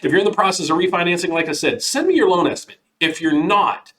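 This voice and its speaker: A man's voice: lively intonation, fast, fairly bright tone. Earnest older man giving a mortgage update. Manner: earnest, repetitive, pitches services and pleads with viewers. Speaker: mortgage broker hosting a market update channel. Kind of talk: casual direct-to-camera market update.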